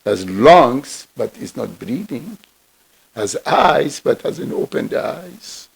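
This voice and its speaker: A man voicing a small male creature in a parable who argues earnestly and insistently, in a husky voice. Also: mid-range voice, big pitch swings, slow pace, full character voice. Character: puzzled tiny womb-dweller, male, reasoning.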